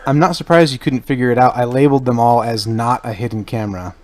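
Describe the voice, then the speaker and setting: A man's voice: mid-range voice, fairly even intonation, fast talker, darkish tone. A man with a mid-range voice co-hosts a casual podcast. He teases his partner playfully and moves the talk along. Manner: teasing, playful banter. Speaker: podcast co-host. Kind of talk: casual chat.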